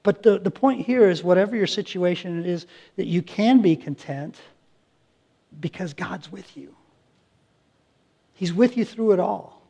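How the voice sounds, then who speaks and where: A man's voice: high-pitched, unhurried, creaky, pauses often, warm tone. A middle-aged male pastor preaching a sermon, emphatic, repeating phrases and restarting his sentences.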